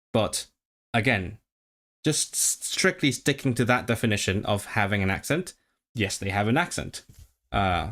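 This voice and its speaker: A man's voice: fairly low pitch, a bit bright. A man chatting casually on his own livestream, thinking aloud with many restarts and stopping to practice trilled R sounds. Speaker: streamer.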